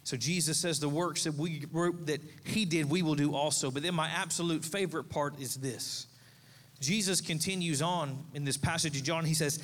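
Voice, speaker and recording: A man's voice: fairly high pitch, moderate pace, fairly bright tone, in a large hall. A man in his thirties, a pastor, preaching a sermon in a conversational, storytelling way, with asides to the congregation. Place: church sanctuary.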